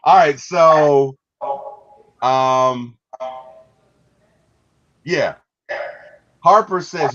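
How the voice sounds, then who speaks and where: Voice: medium pitch, big pitch swings, takes it slowly, a bit bright, muffled recording. A podcast host reviewing a movie, enthusiastic, laughing often and trailing off in restarts.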